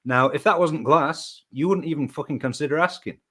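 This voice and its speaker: Sweary excitable man on a video call. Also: fairly high pitch, husky. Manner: sweary, excitable, quick to get worked up. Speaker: guest on a live video chat show. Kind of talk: casual banter.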